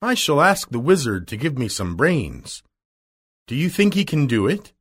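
A friendly scarecrow stuffed with straw, gentle and a little plaintive, played by a male storyteller. The voice is lifted above his usual pitch and leaps about widely. It stays husky and unhurried throughout. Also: very animated, full character voice. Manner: slow storybook reading, bouncy pitch. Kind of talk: storybook reading.

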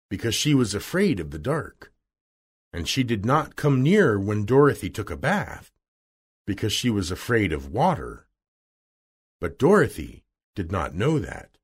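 A man narrating a children's storybook in a slow, expressive read-aloud manner. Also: mid-range voice, slightly rough. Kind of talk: storybook reading.

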